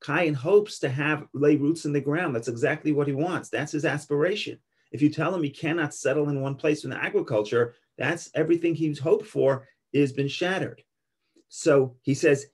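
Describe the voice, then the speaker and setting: Slow husky man teaching Torah. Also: medium pitch. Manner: slow, searching, with restarts and Hebrew quotes. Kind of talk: Torah class on Genesis.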